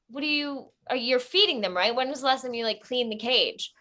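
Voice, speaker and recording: A young woman tells a funny story in a bright, forceful voice pitched a little high. She acts out the people she quotes and jumps into sudden squeals. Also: fairly quick, few pauses. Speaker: storytelling guest. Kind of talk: casual comic storytelling.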